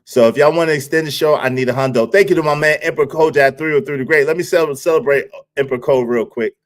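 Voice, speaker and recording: A man's voice: on the high side, fast talker. A man hosting a live stream in casual chat, talking animatedly, teasing the viewers and laughing often. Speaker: livestream host.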